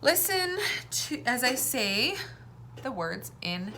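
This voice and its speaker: A woman teaching an early-reading phonics lesson, speaking slowly and clearly and prompting children to repeat words after her. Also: fairly high pitch, very animated, bright, forceful tone, a little hiss or hum. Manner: slow, clear, encouraging teacher talk with call-and-response prompts.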